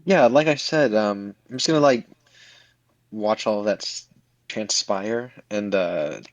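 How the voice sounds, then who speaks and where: Man, player, hesitant, low voice, dry close sound. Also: takes it slowly, no echo, muffled recording. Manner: hesitant, many fillers and restarts. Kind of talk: tabletop game play.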